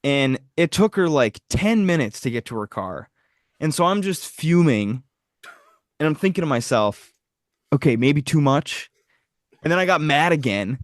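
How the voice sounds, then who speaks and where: Profane animated man telling a story. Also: on the high side, moderate pace, dry recording. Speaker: podcast co-host. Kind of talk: casual chat, storytelling.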